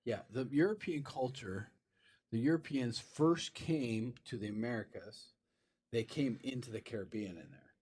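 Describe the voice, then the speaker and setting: A man's voice: mid-range voice, normal speed, a little mellow, slightly rough. Rambling man telling a story. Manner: rambling storyteller with many restarts and fillers. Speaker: podcast co-host. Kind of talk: casual chat.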